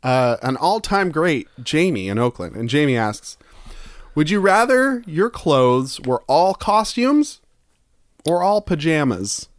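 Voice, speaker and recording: A man hosting a casual comedy podcast, playful and quick with asides. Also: on the high side, very animated, dry recording, studio quality. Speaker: podcast host.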